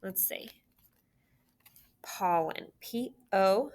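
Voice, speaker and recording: A woman teaching a recorded phonics lesson to children, sounding out letters slowly and clearly into a computer mic. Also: medium pitch, darkish tone. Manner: slow, clear teacher talk with drawn-out sounds.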